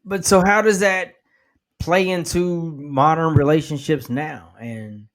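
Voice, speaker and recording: A man hosting a podcast, who talks slowly and haltingly, repeating words as he works through his thoughts. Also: a little high. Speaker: podcast host. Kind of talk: casual podcast conversation.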